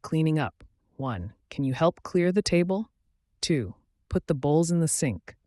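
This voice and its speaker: A man with a slightly high voice reads short numbered phrases slowly and clearly for learners. His pitch moves a lot from line to line, and the sound is dry and close. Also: dry recording. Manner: slow, clear, even phrase reading. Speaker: English teacher.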